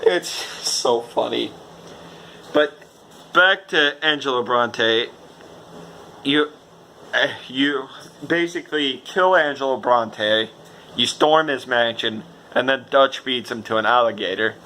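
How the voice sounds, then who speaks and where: A man giving a casual, rambling video game review, excitable and swearing freely. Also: mid-range voice, slow pace, long pauses, a little hiss or hum, rough recording.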